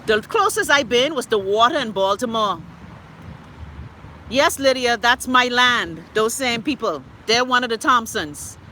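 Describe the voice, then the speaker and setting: A Bahamian woman hosting a live stream, reading viewers' comments and ranting loudly and profanely. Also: a little high, expressive, unhurried, a little hiss or hum. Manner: loud, profane, exclaiming ranting. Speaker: livestream host.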